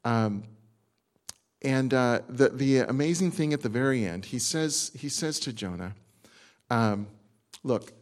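A man delivers a sermon in a lively storytelling manner, slipping into acted asides and often restarting his phrases. His voice sits in a middle range for a man. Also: medium pitch, a little slow. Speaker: pastor.

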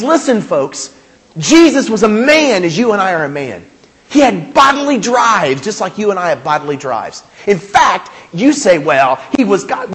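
A male pastor preaching a sermon, animated and emphatic, with humor and rhetorical questions. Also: sits high.

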